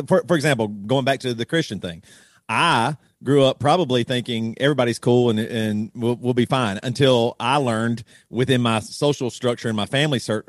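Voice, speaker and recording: A man co-hosting a podcast, asking a question in a halting, searching way with many restarts. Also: mid-range voice, no echo, clean studio sound. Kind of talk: conversational interview.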